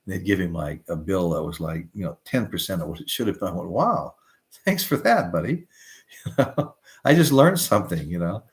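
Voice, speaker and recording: This older host of a live music show talks casually, wandering through long stories and reading comments from viewers, often straying off topic. His voice is low and briskly paced, with lively intonation.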